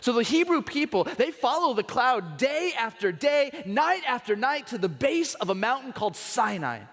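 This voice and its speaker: A man preaching a sermon as a pastor, telling stories with an animated delivery and dramatic pauses, in a large church auditorium. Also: extremely high pitch. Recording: long hall reverb.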